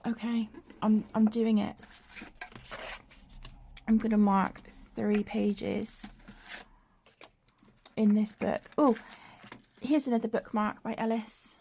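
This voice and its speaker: A woman hosting a colouring vlog, soft-spoken and gushing, often dropping to a whisper, tired from broken sleep. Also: fairly high pitch, steady tone, slow pace, pauses often, a little hiss or hum. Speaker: colouring channel host. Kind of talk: casual show-and-tell vlog.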